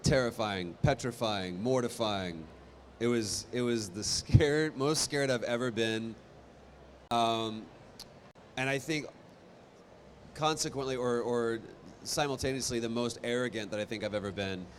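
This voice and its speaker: A man talking on a convention stage, telling stories with energy and quick asides. His voice sits at a middle pitch. A faint hum of ambience runs under the hall recording. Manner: animated storytelling, quick asides. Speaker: convention panel guest. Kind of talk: casual panel talk.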